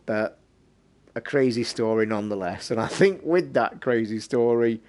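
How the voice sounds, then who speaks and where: On his live stream, a British podcast host and streamer rambles through a story, swearing nonstop in an animated, casual style. He talks at normal speed with a medium-pitched voice.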